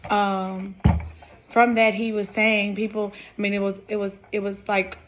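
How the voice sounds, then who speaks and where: A woman's voice: mid-range voice, little pitch movement, a little slow, background noise. A young woman giving a class presentation, hesitant with many fillers. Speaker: student presenter.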